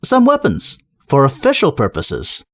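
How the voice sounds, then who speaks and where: A man voicing an earnest, polite young male watch captain who speaks gently. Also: medium pitch, huge pitch swings, a little slow, no room sound, clean studio sound, heavily acted. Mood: courteous. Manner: gentle, courteous.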